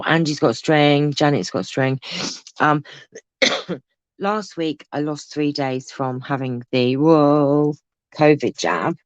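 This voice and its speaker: With an extremely low-pitched voice, this craft host chats to her livestream audience from home and reads out their comments, adding teasing remarks. The recording is rough, with no room sound.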